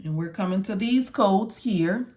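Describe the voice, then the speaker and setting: A woman's voice: medium pitch, unhurried, darkish tone. A woman instructor walking students through medical coding notes step by step, often checking in with "okay?". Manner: repeats "okay?" and "all right?" to check in. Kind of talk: casual step-by-step tutorial.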